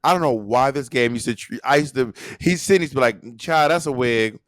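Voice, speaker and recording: A man co-hosting a podcast in casual chat, telling lively stories with lots of restarts. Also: medium pitch, fast, no room sound, studio quality. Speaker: podcast co-host. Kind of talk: casual chat, animated storytelling.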